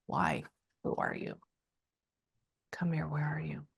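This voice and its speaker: A woman spiritual medium giving a casual reading, chatty and halting, trailing off and swearing now and then. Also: low-pitched, wildly swooping pitch, gravelly, slightly rough.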